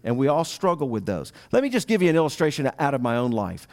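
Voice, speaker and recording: A middle-aged man, a pastor, preaching a sermon in a relaxed storytelling way, with asides and questions to the listeners. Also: mid-range voice, fast talker. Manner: conversational storytelling with asides to the audience.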